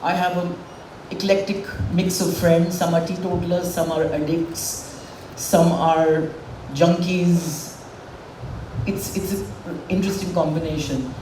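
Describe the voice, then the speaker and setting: A woman's voice: fairly low pitch, fairly even intonation, measured pace, a little hiss or hum. Woman in her forties, candid and emotional public speech, heard from a distance in a roomy hall. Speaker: speaker at a public event. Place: event hall with a stage. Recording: echoey hall, voice from far off.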